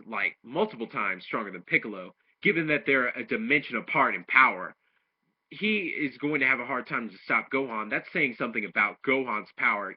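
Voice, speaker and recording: Man, husky voice, casual episode recap, rambling, muffled lo-fi recording. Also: mid-range voice. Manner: rambling retelling with restarts, acting out quoted lines. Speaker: anime episode reviewer. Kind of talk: casual plot recap and review. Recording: dull lo-fi home recording.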